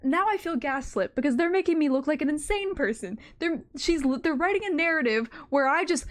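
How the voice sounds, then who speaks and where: A young woman with a high, bright voice tells a story in a loose, rambling way. She mocks herself as she goes and swears freely. It sounds like a casual streamer chatting. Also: animated, fairly quick. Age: young adult.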